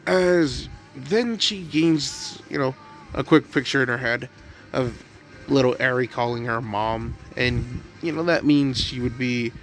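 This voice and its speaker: A man's voice: medium pitch, a little slow. A man improvising a fan story narration, rambling with many fillers.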